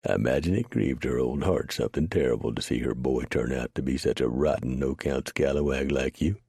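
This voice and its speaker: A rough old mountain man talks in an easy folksy drawl with dry humor, as a male narrator puts him on. His voice is deep and gravelly with a husky edge. The sound is dry and close. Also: brisk, mellow, no echo, exaggerated voice. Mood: wry folksy.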